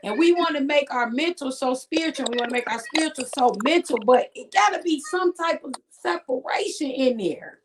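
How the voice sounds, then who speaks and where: Casting: woman co-host, preachy and emphatic, a touch higher voice, light hiss. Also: animated, normal speed, hardly any pauses. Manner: emphatic, preachy, checks in with "you get what I'm saying". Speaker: podcast co-host. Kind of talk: casual group chat.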